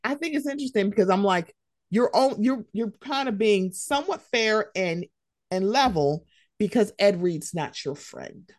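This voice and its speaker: Fired-up woman with a lively, swooping voice. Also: medium pitch, moderate pace, no echo, clean studio sound. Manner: animated, profane and fired up. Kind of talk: heated casual commentary.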